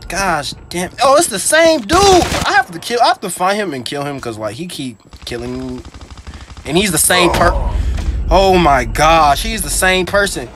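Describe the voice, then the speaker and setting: A man casually commentating his own game, excitable and trash-talking, jumping from high yelps to muttered grumbles. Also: a little slow, noisy background. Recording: game gunfire and sounds behind voice.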